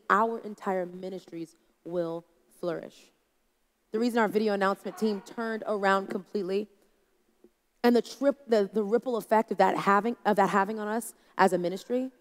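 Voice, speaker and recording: A woman speaking to an audience about leading a team, in a conversational storytelling manner that acts out quoted voices. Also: medium pitch. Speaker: conference speaker. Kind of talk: leadership talk to a live audience. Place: large hall with an audience. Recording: long hall reverb.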